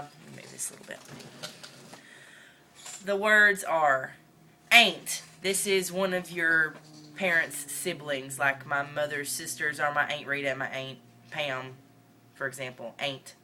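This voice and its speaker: A woman's voice: fairly low pitch, bright, forceful tone. A young woman with a Northern Mississippi accent, chatting casually and rambling through an accent challenge vlog. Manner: rambling, chatty, says y'all. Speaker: vlogger.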